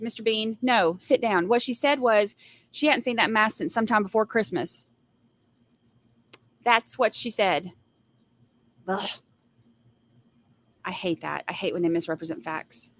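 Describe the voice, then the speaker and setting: Young female livestream host, mid-pitched, sassy and blunt, exasperated rants at her viewers. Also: measured pace, long pauses, a bit bright. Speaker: trial commentary livestream host. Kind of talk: casual live commentary, reading viewer comments.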